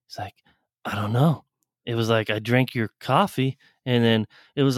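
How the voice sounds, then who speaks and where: A man's voice: mid-range voice, brisk, dry recording, clean studio sound. A man co-hosting a podcast, telling a rambling, laughing story with swearing in casual chat. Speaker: podcast co-host.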